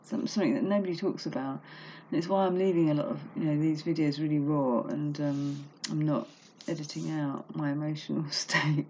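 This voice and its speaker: A woman's voice: low-pitched, steady tone, a little fast, mellow, slight background noise. A woman talking openly and emotionally in a casual home vlog, reading from a book between chatty asides. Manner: emotional, open, chatty with laughs and self-talk. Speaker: vlogger reading a self-help book aloud. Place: home room. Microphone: laptop webcam mic. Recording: dull lo-fi webcam recording.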